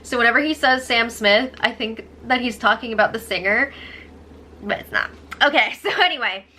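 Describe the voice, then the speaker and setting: A woman's voice: on the high side, normal speed, bright, forceful tone, a little hiss or hum. A young woman hosting a casual recap, chatty, with sarcastic, eye-rolling asides. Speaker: host recapping a reality show.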